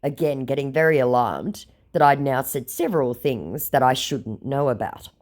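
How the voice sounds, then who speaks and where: A woman's voice: a bass voice, moderate pace, a little mellow. A woman narrating a chat exchange aloud with a sarcastic, mocking manner.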